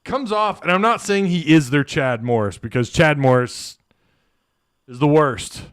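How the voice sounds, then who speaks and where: A man's voice: fairly high pitch, a little slow, clean tone, no room sound, studio quality. A man hosting a casual sports live stream, reading out viewer comments, joking and laughing as he talks. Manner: laughing, joking, thinking aloud.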